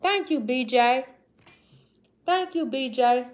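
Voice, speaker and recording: A woman's voice: high voice, expressive. A woman in her forties from the American South with a Mississippi Southern accent, hosting a casual livestream and greeting viewers by name. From Southern United States. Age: 40s. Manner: drawling, slow, affectionate, shout-outs to viewers. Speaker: livestream host. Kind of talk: casual livestream chat reading comments.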